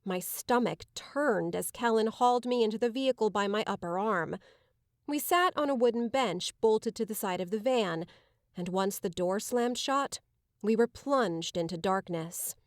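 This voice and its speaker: Woman narrating a dark audiobook. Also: mid-range voice, dry recording, clean studio sound. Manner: measured, dramatic pacing. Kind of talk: first-person scripted narration.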